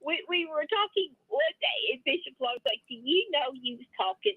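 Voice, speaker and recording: A woman's voice: sits high, expressive, normal speed, no room sound. Giggly woman on a phone line. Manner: giggly, stumbles over words. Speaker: caller. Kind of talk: casual chat on the phone.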